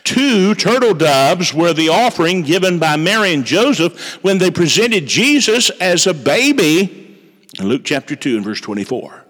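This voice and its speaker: Expressive male preacher in a reverberant hall. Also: moderate pace. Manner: storytelling, dramatic shifts in pitch and pace. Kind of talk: sermon.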